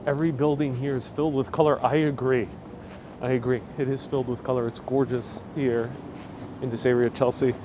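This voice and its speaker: A man's voice: medium pitch, level tone, brisk. A man from New York with a New York accent, hosting a live walking tour outdoors and chatting back to viewer comments as he goes. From New York City. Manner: chatty, friendly, answers viewer comments aloud as he walks. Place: outdoors on a windy city street. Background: faint street ambience and passing traffic.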